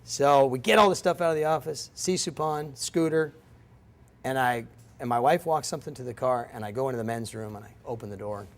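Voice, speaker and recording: In a lecture room, a middle-aged man giving a guest lecture wanders through his stories and keeps cutting himself off. His voice is medium in pitch and a little fast.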